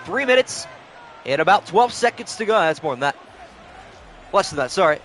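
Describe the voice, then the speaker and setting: A man's voice: sits high, animated, brisk, a bit bright, a little hiss or hum. A young man calling play-by-play on a live stream, switching between announcer-style calls and casual chat with viewers, short on sleep.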